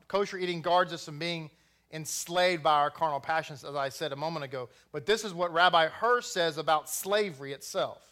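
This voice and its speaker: Male preacher from Texas, high, bright voice, chatty delivery full of asides. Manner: conversational preaching with asides and restarts. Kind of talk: sermon.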